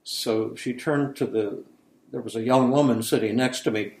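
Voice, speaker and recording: A man, a psychiatrist and podcast host, tells a story in casual conversation, earnest and halting, often repeating words as he goes. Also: mid-range voice, steady tone, darkish tone, roomy sound, rough recording.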